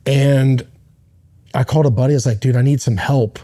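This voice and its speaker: Earnest man with a mellow voice. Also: mid-range voice, fairly even intonation. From United States. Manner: earnest, halting, many restarts and fillers. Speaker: podcast guest. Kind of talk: candid personal storytelling.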